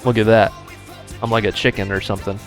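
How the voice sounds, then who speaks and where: Brief: upbeat male streamer with a low voice chatting to viewers, soft music underneath. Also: little pitch movement, fast. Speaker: game streamer. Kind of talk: casual live-stream chat.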